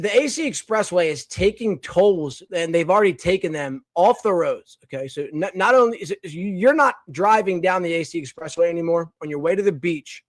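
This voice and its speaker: A young man from the Philadelphia area hosting a casual podcast segment, talking in a rambling, animated way full of restarts and fillers. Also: fairly high pitch, dry recording. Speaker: podcast host.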